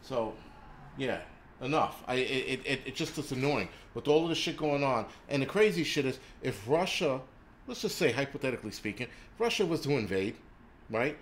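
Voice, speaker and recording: A man's voice: mid-range voice, animated, moderate pace, a little hiss or hum. A man hosting a prepping channel, ranting on a livestream and swearing constantly in a crude, combative way. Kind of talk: profane livestream rant. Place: indoors in a city.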